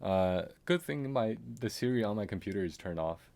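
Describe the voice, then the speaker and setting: During a casual game stream, a man with a lowish, darkish voice speaks expressively at normal speed. He rambles, keeps trailing off and mutters to himself between chuckles.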